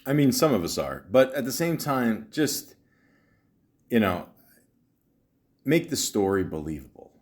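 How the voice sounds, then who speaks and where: A man's voice: mid-range voice, very animated, measured pace, long pauses, darkish tone. A man hosting a comedy podcast, ranting in exasperation and stammering often. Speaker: podcast host. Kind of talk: comedic commentary.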